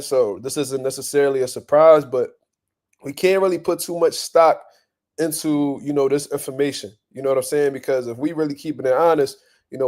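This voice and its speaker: A young man hosting boxing talk, ranting bluntly and profanely in a casual, animated way and laughing often. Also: mid-range voice. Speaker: boxing commentary host.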